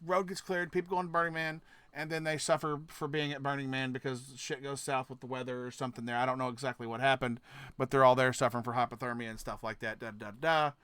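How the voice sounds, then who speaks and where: A man hosting a reaction video, cursing and ranting as he goes, dropping to mutters and then bursting into shouts, often trailing off and restarting his sentences. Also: medium pitch, little pitch movement, fast talker, clear, resonant tone, dry recording. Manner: profane, ranting, swings between mutters and shouts. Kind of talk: casual reaction commentary.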